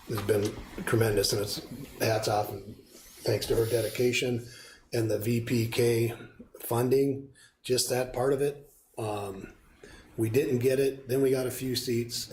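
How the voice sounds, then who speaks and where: A man's voice: mid-range voice, darkish tone, slight background noise. A man on a school board offering thanks and recounting funding history in a rambling, informal way. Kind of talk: meeting remarks. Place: school board meeting room. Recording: echoey meeting room.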